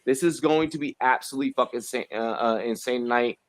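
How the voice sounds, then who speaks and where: A man hosting a casual livestream chat, animated and repeating himself, with many fillers. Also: medium pitch, fast talker, background noise. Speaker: host.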